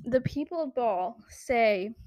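A woman's voice: on the high side, animated, takes it slowly, darkish tone, no echo, clean studio sound. A woman hosting a podcast, talking casually about a Bible story, chatty and giggly, with lots of "like" fillers. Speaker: podcast host.

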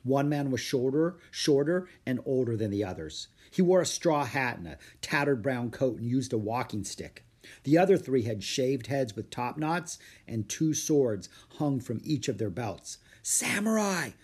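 A man narrating a children's storybook in a lively, expressive reading. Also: mid-range voice, measured pace, slightly rough. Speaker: audiobook narrator.

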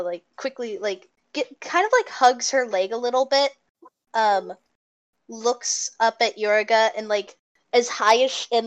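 Woman player, mid-pitched voice, rambling, lots of fillers. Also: lo-fi sound. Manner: rambling, full of "like" and "um". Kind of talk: describing a character's actions in a tabletop game.

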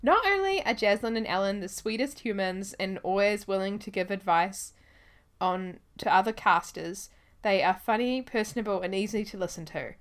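A woman's voice: medium pitch, moderate pace. A young woman co-hosting a podcast in casual chat, laughing often and reading listener reviews aloud. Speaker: podcast co-host.

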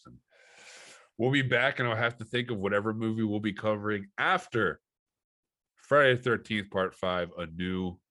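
A man's voice: lowish voice, a bit bright, dry recording. A man hosting a horror movie podcast, talking in an easygoing, rambling way. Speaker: podcast host. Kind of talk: casual chat.

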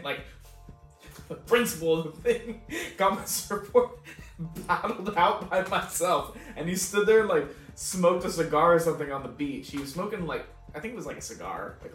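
Slightly high-voiced man telling a story. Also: lively intonation, fairly quick, a bit bright. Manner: laughing often, swearing, quoting himself. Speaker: podcast co-host. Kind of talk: casual storytelling. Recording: echoey room, far from mic, faint music.

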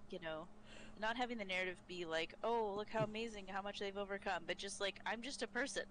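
A woman's voice: medium pitch, steady tone, fairly quick, a bit bright, a little hiss or hum, low-quality recording. A woman chatting casually and sharing strong opinions about characters. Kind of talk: casual chat ranking game characters.

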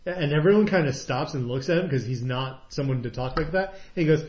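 A man's voice: a little high, fairly quick, darkish tone. A man in an easygoing conversation, wandering through a retelling with frequent fillers and restarts. The room is echoey, and the recording sounds dull and lo-fi. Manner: rambling retelling with many fillers, quoting characters. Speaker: podcast co-host recapping a TV episode. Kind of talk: casual chat.

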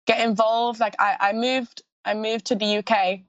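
A woman's voice: on the high side, flat delivery, moderate pace, dry recording, highs cut off. A young woman with a mild Scottish accent, a pageant guest chatting in an interview in a bubbly, gushing way and laughing often. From Scottish roots, moved to the UK at sixteen. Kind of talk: casual interview chat. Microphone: video call.

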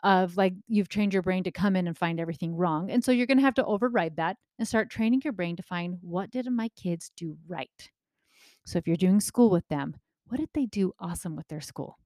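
A woman in her thirties giving casual parenting advice, lively and acting out the remarks she quotes. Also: on the low side, fairly quick, dry recording, clean studio sound. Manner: animated, acts out quoted remarks, often asks "right?".

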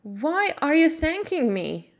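Worried lost girl in a storybook, a woman reading her, unhurried, each word clear. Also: sits high, sing-song, pitched above the performer's own voice, heavily acted. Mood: puzzled. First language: Slovak. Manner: slow, clearly pronounced.

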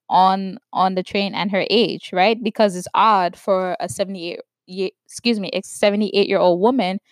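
A woman from New York giving opinion commentary, stressing words slowly and checking in with "right?". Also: medium pitch, no echo. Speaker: vlogger commenting on news.

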